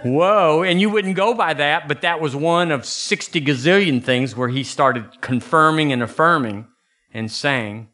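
Man, pastor; folksy animated sermon delivery; bright, slightly high voice. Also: unhurried. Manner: folksy, animated preaching with sudden high bursts.

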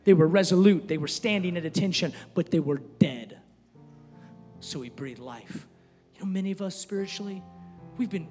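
High male pastor, animated sermon, shouts then hushes, hall echo. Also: normal speed. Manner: swings from shouting highs to soft low asides; animated, jokey, uses casual filler. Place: church hall. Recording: long hall reverb, faint music.

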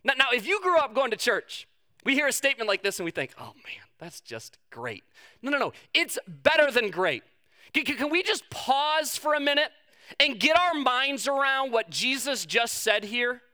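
Bright, animated male pastor storytelling. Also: very high-pitched, moderate pace. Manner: animated storytelling, acts out quotes, self-mocking humor. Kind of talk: sermon with personal story.

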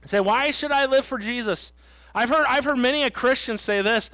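Middle-aged male pastor, very high voice, dry close sound, earnest emphatic sermon delivery. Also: big pitch swings, a little fast, bright, forceful tone, no echo. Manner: earnest, emphatic preaching with stories and repeated refrains. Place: church sanctuary.

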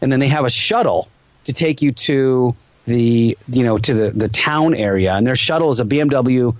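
Animated man in his forties, storytelling. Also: mid-range voice, normal speed, no room sound. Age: 40s. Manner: animated, acts out quoted voices. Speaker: podcast host. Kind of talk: casual storytelling chat.

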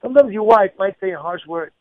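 Man, informal moral teacher, fairly high voice, repetitive, rhetorical questions, thin phone-like audio. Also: expressive, fast talker, no room sound. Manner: repetitive, rhetorical questions, acts out quoted people. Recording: tinny phone-like dry recording.

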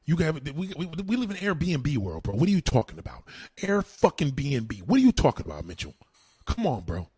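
Husky-voiced New man ranting. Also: a little high, sing-song, quick pace, a little mellow, dry recording. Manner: combative, repetitive, heavy cursing and slang. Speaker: livestream host answering comments. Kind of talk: profane ranting commentary.

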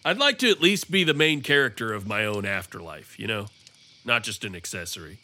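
Brief: man, co-host riffing in casual comic banter, halting and musing, bright voice. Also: fairly low pitch, animated. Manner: musing, halting with many fillers. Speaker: podcast co-host.

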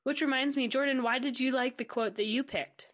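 A woman's voice: high-pitched, fairly even intonation, a little fast, fairly bright tone. A woman hosting a casual podcast, upbeat and steering the conversation. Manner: upbeat, guiding. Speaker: podcast host.

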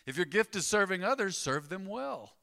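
A fairly high-voiced man preaching a sermon, loose and joking as he tells stories to his congregation. His tone is bright and forceful, and his voice rings out with the long reverb of a hall. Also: moderate pace, creaky. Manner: conversational, joking, animated storytelling. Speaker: pastor.

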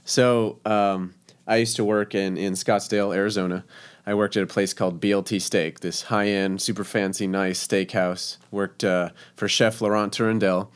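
A man's voice: fairly low pitch, moderate pace, smooth. Laughing man telling a kitchen story. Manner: animated, laughs often, acts out quotes. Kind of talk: casual storytelling chat.

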